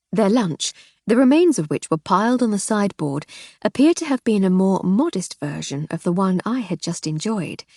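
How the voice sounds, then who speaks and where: A woman reading a first-person mystery audiobook in a wry, measured way. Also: lowish voice, darkish tone, no room sound, clean studio sound. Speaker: audiobook narrator.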